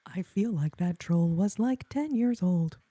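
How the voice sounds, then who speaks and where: A woman hosting an ASMR livestream in a whispered role-play, softly chatting with viewers, giggling and singing snippets of lullabies. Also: fairly low pitch, lively intonation, a little slow, no room sound. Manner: sings snippets of lullabies in a hushed voice.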